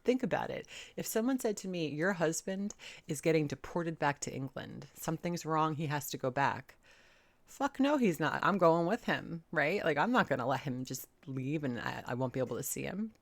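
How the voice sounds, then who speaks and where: A woman's voice: sits low, expressive, moderate pace, no echo. A woman hosting a reaction video, giving blunt, exasperated commentary and swearing casually. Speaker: commentary host.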